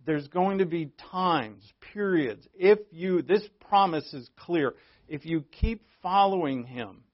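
A man preaching a sermon as pastor, talking in a conversational way and joking with the congregation. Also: on the high side. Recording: dull lo-fi recording.

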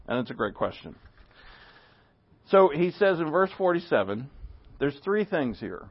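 A man teaching a Bible class verse by verse, conversational, with rhetorical questions and animated quoting. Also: on the high side, a little slow, long pauses, breathy edge, dull audio.

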